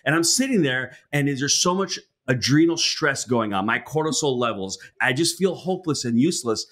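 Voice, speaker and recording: A man's voice: medium pitch, expressive, normal speed, fairly bright tone. A man hosting an interview, chatting casually and teasing in a playful way. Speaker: host.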